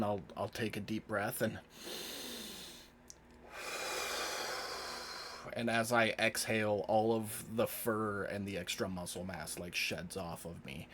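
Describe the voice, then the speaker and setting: A man's voice: on the low side, noisy background. A man at a tabletop game describing his character's actions in first person, in a laid-back manner with loose fillers. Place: home streaming setup.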